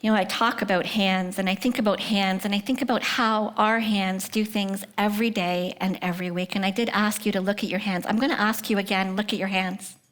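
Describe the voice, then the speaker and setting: A middle-aged woman giving a personal faith testimony at a prayer breakfast. She speaks earnestly, often sinks to a hushed whisper, and puts questions straight to the audience. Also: mid-range voice, fairly even intonation, brisk, hardly any pauses. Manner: addresses the audience directly with questions.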